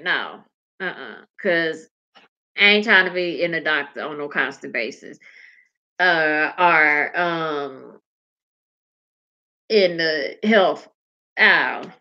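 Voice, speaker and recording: A woman chats and tells stories, acting out the people she quotes with big swings in pitch. Her voice is bright with a gravelly edge, and the recording sounds dull and lo-fi. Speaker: podcast co-host. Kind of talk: casual comedic chat. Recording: dull lo-fi podcast audio.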